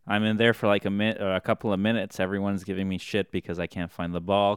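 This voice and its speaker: A man's voice: on the low side, little pitch movement, fast talker, few pauses, clear, resonant tone, no room sound, clean studio sound. A man telling a long, rambling comic anecdote, often restarting and correcting himself. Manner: rambling, self-correcting storyteller.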